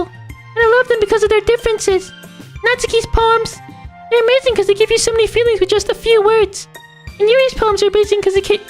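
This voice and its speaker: A man doing a sweet high-voiced teen girl. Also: a bit bright. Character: sweet cheerful teenage girl. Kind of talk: voice acting while reading a game.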